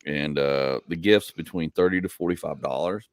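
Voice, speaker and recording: A man's voice: a bass voice, moderate pace, no echo, studio quality. A man hosting a casual comedy podcast, rambling and joking with frequent laughs.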